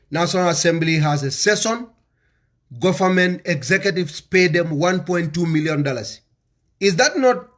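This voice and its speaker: A man with a Gambian accent, giving an impassioned political speech and pressing home rhetorical questions. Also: high voice. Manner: forceful, repeats rhetorical questions. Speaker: political commentator.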